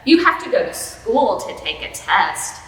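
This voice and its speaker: A woman reading aloud and voicing a cheerful, literal-minded young housekeeper in a storybook, bright and earnest. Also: medium pitch, very animated, measured pace. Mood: chirpy. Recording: echoey hall, voice from far off.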